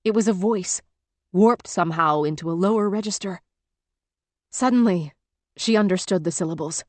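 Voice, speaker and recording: A woman narrating an audiobook in a measured, tense storytelling manner. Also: on the low side, no room sound. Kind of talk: scripted narration.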